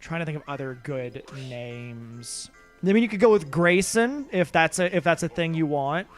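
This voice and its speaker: A man's voice: a little high, animated, normal speed. A man streaming a video game live, chatting casually with viewers in a rambling, self-deprecating way and swearing now and then. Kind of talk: casual live gameplay commentary. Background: faint game music.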